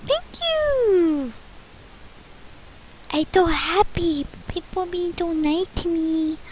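A female channel host chatting excitedly and thanking viewers by name during a casual gift-opening vlog. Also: very high-pitched, measured pace, noisy background.

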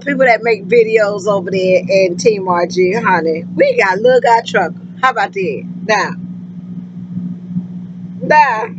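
A woman vlogging from her truck cab, chatting with viewers and sprinkling every thought with honey and girl. Her talk swings between low asides and high exclamations. The sound is dull and lo-fi, with a faint vehicle hum underneath. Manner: animated, endearments like honey and girl. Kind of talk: casual chat to viewers.

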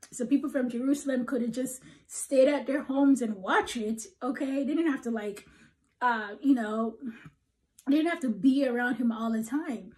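Emphatic woman preacher, higher voice. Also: warm tone, rough recording. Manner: emphatic, tags "okay?" after points, drops to whispers. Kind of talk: prophetic encouragement message.

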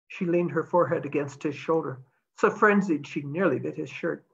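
A woman author reading her own novella aloud in a measured storytelling manner. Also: low-pitched, creaky, slightly rough, dull audio.

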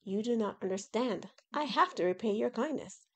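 A woman's voice: on the high side, animated, moderate pace. Proud male dragon, lofty and condescending, old-fashioned talk; woman reader voicing. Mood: impatient. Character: proud haughty male dragon, scornful of humans.

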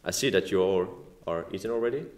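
A man from Estonia with an Estonian accent and non-native English, giving a speech at a formal dinner with many halting "like"s and "uh"s. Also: low-pitched, animated, a little mellow. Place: banquet room at a formal dinner. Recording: echoey dining hall.

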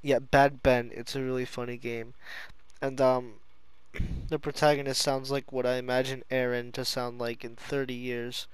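A man's voice: mid-range voice, little pitch movement, normal speed, smooth, dry recording. A man chatting casually, rambling, giggling and swearing as he talks. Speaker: friend chatting. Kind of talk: casual chat.

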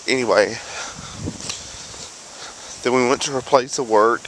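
A vlogger walks along a windy road near his home, filming on a handheld camera while chatting and rambling, often correcting himself. His mid-range voice is fairly bright, at a moderate pace with frequent pauses. Faint wind and passing cars can be heard.

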